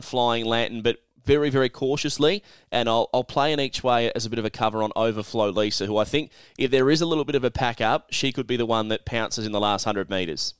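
A man chats through his greyhound tips in a smooth, resonant voice. He thinks aloud and turns questions over to his co-host. The sound is dry and close. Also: medium pitch, dry recording. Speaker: greyhound racing tipster co-host. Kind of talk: casual racing tips chat.

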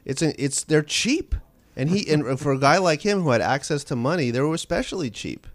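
A man being interviewed as an author on a call-in radio show, telling stories in a quick, animated way with frequent restarts. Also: fairly high pitch, no room sound. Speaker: author guest.

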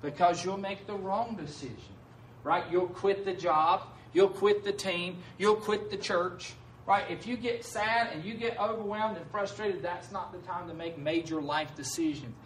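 A man's voice: high voice, normal speed, slight background noise. A male pastor preaching a sermon in a conversational way, often asking his listeners "right?". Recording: echoey room heard from a distance.

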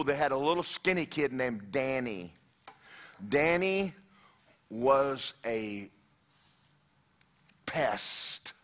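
A man preaching a sermon, telling a personal story in an animated way with frequent restarts and direct questions to the audience. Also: mid-range voice. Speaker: pastor.

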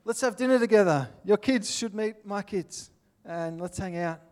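A man's voice: medium pitch, little pitch movement, fairly quick, darkish tone, close to an everyday voice. A man with an Australian accent voicing an overeager, friendly expat parent gushing out invitations.

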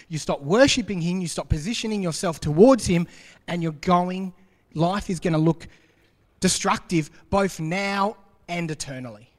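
A man preaching a sermon as pastor, acting out quoted voices and dropping to a hush for emphasis. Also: a little high. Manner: animated, acts out quoted voices, drops to quiet for emphasis. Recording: long hall reverb.

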